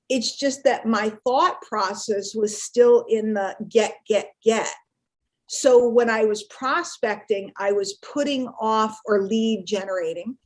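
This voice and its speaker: Animated, playful middle-aged woman on a webinar. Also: fairly high pitch. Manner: animated, playful, repeats herself for emphasis. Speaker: guest speaker on marketing webinar. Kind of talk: casual live webinar chat.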